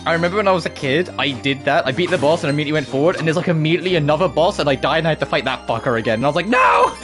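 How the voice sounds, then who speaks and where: A man's voice: on the high side, rapid-fire, few pauses, music in the background. Male streamer, casual profane gameplay commentary, ranty and laughing. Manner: profane, ranting, laughs often.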